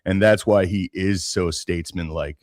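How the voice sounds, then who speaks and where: A man co-hosting a political chat, measured and thinking aloud with frequent restarts. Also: low-pitched, steady tone, darkish tone, no room sound, clean studio sound. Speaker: podcast co-host.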